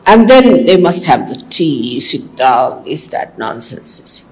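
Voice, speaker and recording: A woman's voice: a bass voice, sing-song, measured pace, a little mellow, rough recording. A woman giving a sermon to her followers, teasing and scolding with humor. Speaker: spiritual teacher.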